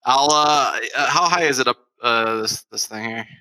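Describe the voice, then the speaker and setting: A man's voice: mid-range voice, normal speed, pushed and bright, poor audio. A man playing a tabletop game who talks hesitantly, with many fillers, as he asks about the scene. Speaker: player.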